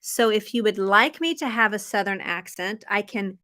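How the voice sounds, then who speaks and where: A woman from Memphis with a neutral American accent, teaching English in a relaxed live-stream chat on a video call, friendly and laughing often. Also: mid-range voice, normal speed. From Memphis, Tennessee, US.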